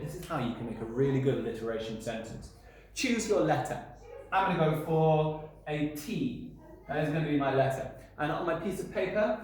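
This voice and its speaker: A male primary school teacher giving a recorded lesson, playful and sounding out letters slowly. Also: mid-range voice, a little mellow. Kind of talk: recorded home-learning lesson. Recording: very echoey room.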